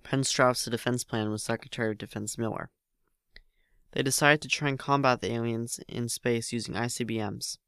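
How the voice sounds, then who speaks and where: A man's voice: medium pitch, steady tone, normal speed, creaky, a bit bright, clear, resonant tone, no room sound, studio quality. A man narrating a story aloud in a plain reading voice, with frequent slips and restarts.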